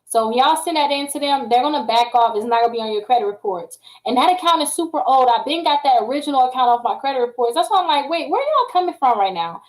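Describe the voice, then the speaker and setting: Woman, high voice, chatty, animated, casual live-stream coaching. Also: quick pace, few pauses, poor audio. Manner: chatty, animated, addresses viewers as y'all. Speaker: credit repair coach.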